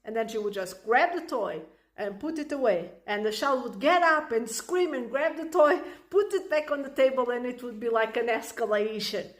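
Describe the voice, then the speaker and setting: A woman parenting coach speaks to her viewers in a loose, chatty way, often tagging her points with "right?" Her voice sits a bit high, and her delivery is conversational rather than scripted. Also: animated, moderate pace. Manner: chatty, many "like" and "right?" fillers. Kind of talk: casual explanatory talk to camera.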